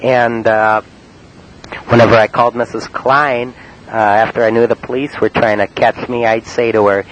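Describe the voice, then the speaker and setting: A man from Cleveland telling about his prank calls in a halting, rambling monologue full of uh and um. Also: mid-range voice, level tone, rough recording. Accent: Cleveland, Ohio. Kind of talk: rambling spoken-word monologue. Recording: faint hiss on an old cassette tape.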